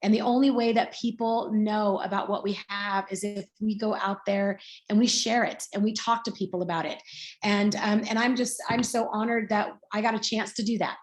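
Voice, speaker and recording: A woman's voice: mid-range voice, steady tone, normal speed, roomy sound. A woman in her sixties from Middle Tennessee, speaking as a guest on a video call and telling her story in a chatty way, with many fillers and restarts. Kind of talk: casual testimonial on a video call.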